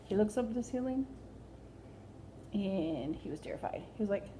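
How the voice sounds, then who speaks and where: A woman's voice: medium pitch, animated, moderate pace, mellow, a little hiss or hum. A woman telling a comic story in a rambling way, full of fillers and "like". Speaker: comedian.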